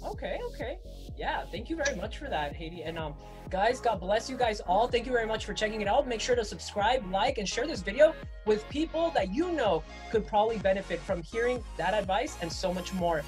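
A woman's voice: mid-range voice, animated, fairly quick, soft background music. A woman hosting a casual interview, asking questions in an upbeat, playful way. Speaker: host.

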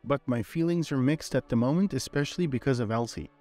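A man voicing a gentle, regretful middle-aged father who speaks with pleading sincerity. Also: medium pitch, brisk, soft background music, close to an everyday voice.

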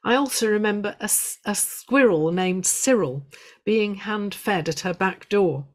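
A woman giving a prepared illustrated talk to a local history society, telling stories in a measured way with gentle humour. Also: mid-range voice.

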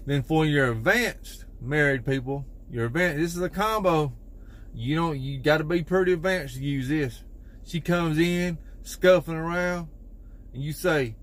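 A man delivering deadpan satirical marriage advice in a confident, mock-serious tone. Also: fairly high pitch, a little slow. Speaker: comedy content creator.

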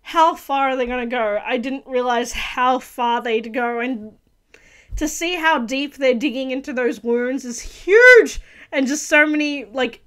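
A woman's voice: high voice, measured pace, fairly bright tone, smooth. A woman hosting a casual video reaction review, talking earnestly and gushingly with many restarts and fillers. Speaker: reaction channel host.

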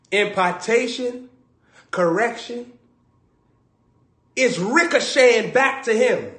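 High-voiced preacher in an echoey room. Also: male voice, normal speed. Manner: animated, shouts and acts out scenes. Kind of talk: comedic sermon with acted bits.

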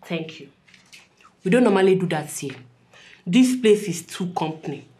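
A woman's voice: fairly low pitch, lively intonation, normal speed, dark tone, lightly acted. A woman with a Nigerian accent playing a blunt, comic young tailor who scolds in broken English. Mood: teasing.

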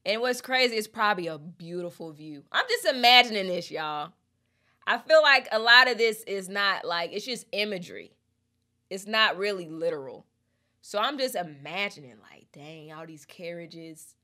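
Young woman breaking down song lyrics, bright voice, real expressive and chatty. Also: mid-range voice. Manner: expressive, chatty, reads lyrics aloud slowly. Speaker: music reaction host.

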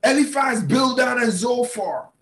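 A man who is a bishop, mentoring a class in a preaching style. He is emphatic, repeats words and breaks into sudden shouts. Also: very high voice, expressive, unhurried, reverberant. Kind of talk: motivational teaching talk in a preaching style.

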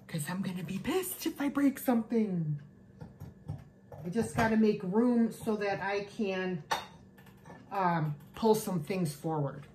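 With some background noise behind her, a woman in a medium-pitched voice does a casual show-and-tell for the camera. She's a thrift haul vlogger presenting her yard sale haul, gushing over every cute item.

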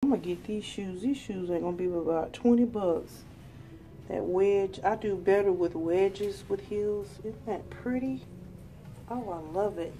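A woman's voice: medium pitch, unhurried, dark tone. A woman, chatting folksily to her viewers as she vlogs. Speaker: vlogger. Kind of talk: casual vlog chat. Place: shops and stores. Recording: noisy store recording.

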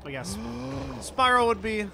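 A man's voice: very high-pitched, lively intonation, takes it slowly, vocal fry. A man co-hosting a game stream, chatting easily about games. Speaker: stream co-host. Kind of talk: casual gaming stream chat. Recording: game music behind.

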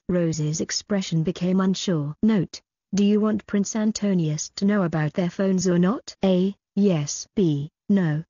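A woman reading a fantasy web story aloud in a plain, even narration, on a dull, dry recording. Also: mid-range voice, unhurried, dry recording. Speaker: audiobook narrator.

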